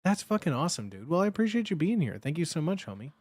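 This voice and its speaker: A young man livestreaming from home and chatting casually with his viewers. He rambles excitably and swears freely. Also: fairly high pitch, quick pace, no echo, clean studio sound. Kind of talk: casual stream chat.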